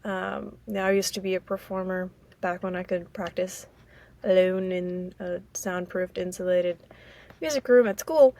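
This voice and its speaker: An American woman from Maryland hosting a casual solo podcast, rambling and halting with many fillers. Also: on the low side, steady tone, mellow. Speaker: podcast host.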